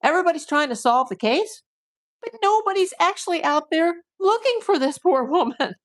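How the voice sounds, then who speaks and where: A woman's voice: very high-pitched, expressive, moderate pace. A woman hosting a live stream as a private investigator, talking through a case with emphatic, indignant rhetorical questions. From USA.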